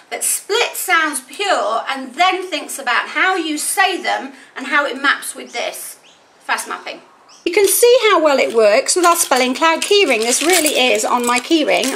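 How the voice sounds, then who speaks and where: A woman teaching reading, explaining phonics and slowly sounding words out into separate speech sounds. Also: high voice, pushed and bright. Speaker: literacy teacher. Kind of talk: instructional explanation. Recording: roomy echo, distant mic, faint background noise.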